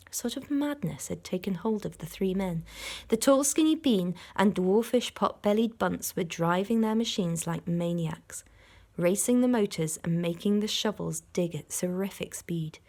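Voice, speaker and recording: A woman, a primary school teacher, reading a storybook aloud to children in an expressive way, stopping to explain words. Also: medium pitch, moderate pace.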